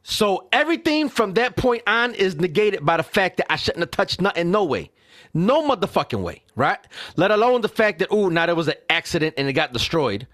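Casting: man, podcast co-host, heated profane rant, slightly higher voice, dry sound. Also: fairly quick, no echo. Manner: animated, profane, ranting with rhetorical "right?". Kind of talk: casual heated chat.

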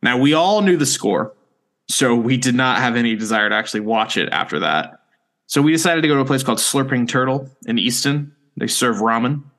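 A podcast co-host tells a long, rambling story in a casual chat, poking fun at himself and laughing often. He speaks briskly and animatedly at a medium pitch, with a somewhat bright tone.

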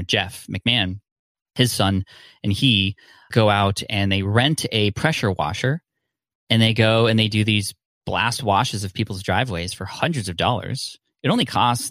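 A man with a fairly low voice hosts his own podcast in a relaxed interview chat. He sounds earnest and friendly. The recording is close and dry. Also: no echo. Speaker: podcast host.

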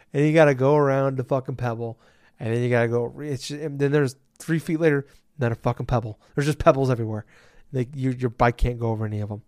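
A man's voice: mid-range voice, no room sound. Swearing, ranting man on a dry mic. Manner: profane ranting storyteller, swinging from muttering to shouting. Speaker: podcast co-host. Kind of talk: casual chat.

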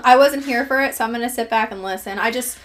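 Young woman co-host reacting with disgust. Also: a little high. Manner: reactive, quick interjections. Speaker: podcast co-host. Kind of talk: casual chat.

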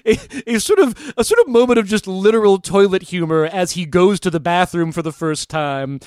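Casting: male podcast co-host with a high, lively voice, dry close mic. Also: normal speed, clear, resonant tone, no echo. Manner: animated, mock-emotional, rambling. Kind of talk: casual podcast discussion.

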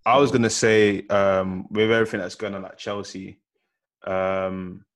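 A man's voice: low voice, little pitch movement, a little slow, crowd noise. A man chatting casually on a podcast, slangy and rambling. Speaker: podcast co-host. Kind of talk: casual chat.

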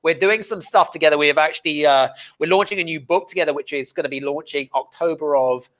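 A man's voice: a little high, fairly bright tone. Emphatic male interview host. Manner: emphatic, with halting "um" fillers. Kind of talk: conversational interview.

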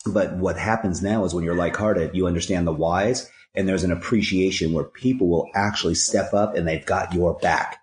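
A man's voice: deep voice, moderate pace, hardly any pauses, echoey room. A man speaking as a podcast guest, telling stories and giving earnest, preachy life advice with rhyming catchphrases. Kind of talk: conversational storytelling and life advice.

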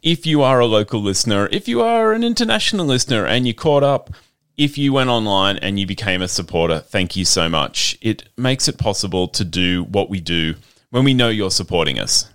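A male radio host, his voice sitting a little low. He reads his introductions and chats in an effusive way, showing his feelings openly. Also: very animated, brisk, fairly bright tone, clear, resonant tone, dry recording, studio quality. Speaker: podcast host. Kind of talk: radio interview, scripted intro and chat.

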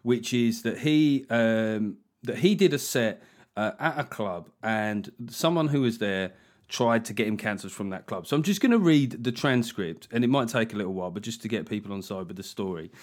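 A man's voice: on the low side, expressive, moderate pace. A man hosting a podcast, chatting casually and joking, swearing and slipping into mock voices. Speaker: podcast host. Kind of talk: casual comedic chat.

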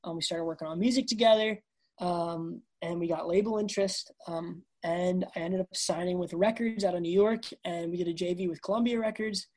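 Speaking briskly in a fairly low pitch, a woman in her twenties appears as a guest musician on a video call. She tells a story with animation, performing the quoted lines and dropping "dude" and "bro" in a casual interview.

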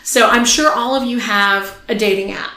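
A woman's voice: mid-range voice, fairly even intonation, normal speed, sharp tone. A woman hosting a podcast, telling a bawdy story in casual chat and laughing as she goes. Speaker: podcast host. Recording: roomy echo.

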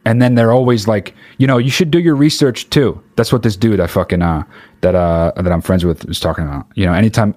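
A man ranting with sarcasm and heavy swearing, mocking others in high put-on voices. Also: darkish tone. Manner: angry, sarcastic, swears a lot. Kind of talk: profane ranting monologue.

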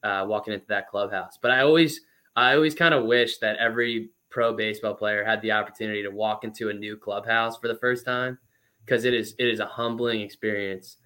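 A man in his twenties, a former pro baseball player, telling stories as a guest in a casual interview, chatty and lively with lots of fillers. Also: on the low side, fairly quick.

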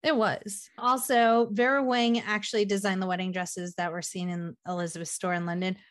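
A woman's voice: medium pitch, moderate pace. A woman co-hosting a podcast, chatting casually about a movie and acting out the characters' lines. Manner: animated, acts out quoted lines. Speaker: podcast co-host. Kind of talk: casual chat recapping a movie.

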